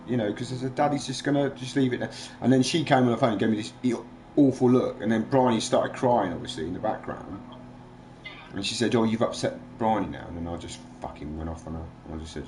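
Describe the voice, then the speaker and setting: A man's voice: medium pitch, lively intonation, fast talker, background noise. A man in casual chat, rambling and agitated, swearing freely as he vents. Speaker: livestream host.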